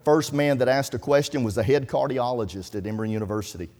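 A man's voice: medium pitch, quick pace, a little mellow. A man preaching a sermon, telling folksy stories and quoting scripture. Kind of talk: sermon storytelling. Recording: reverberant hall.

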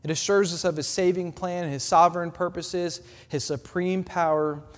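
High-voiced preacher in a reverberant church. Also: male voice, steady tone, normal speed. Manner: preaching with repeated phrases, dropping soft for quoted words of comfort. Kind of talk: sermon. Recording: long reverb in a hall.

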